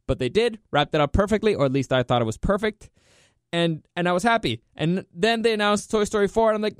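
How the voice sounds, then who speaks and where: A man hosting a casual spoken movie review. He is excitable and repeats himself for emphasis. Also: on the high side, fast talker, no echo, clean studio sound.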